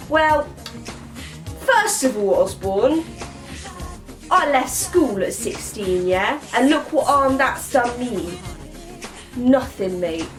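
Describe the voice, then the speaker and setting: Brash slangy girl who says "mate" a lot, played by a woman; high voice, music underneath. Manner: slangy, rambling, ungrammatical, says mate constantly. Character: cocky young woman, slangy, chatty, full of herself. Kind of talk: comedy sketch monologue.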